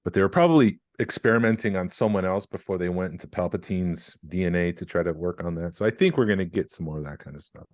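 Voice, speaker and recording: A man hosting a podcast, chatting in a relaxed, rambling way with filler words. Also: deep voice, fast talker, few pauses, dry recording, studio quality. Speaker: podcast host. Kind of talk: casual chat.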